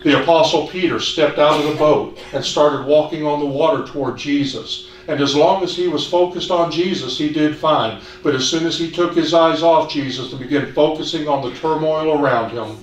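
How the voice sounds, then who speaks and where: A man preaching a sermon in an earnest, measured way, asking the congregation questions. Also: on the high side. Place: church hall. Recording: echoey hall, distant mic, faint hiss.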